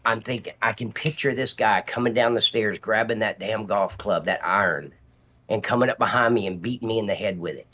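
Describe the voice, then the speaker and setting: A police officer speaking as a guest on a live stream, telling a personal story in a vivid, blunt way with some swearing. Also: male voice, lowish voice, fairly quick, pushed and bright, slight background noise.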